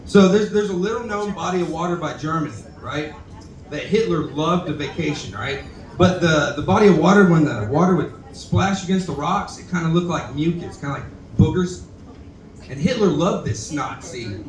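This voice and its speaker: A man's voice: a little high, moderate pace, far from the mic. A young man doing a rambling, self-deprecating, profane stand-up set and talking back to the crowd. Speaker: stand-up comedian at open mic. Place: bar stage, roomy and echoey. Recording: echoey bar room recorded from afar.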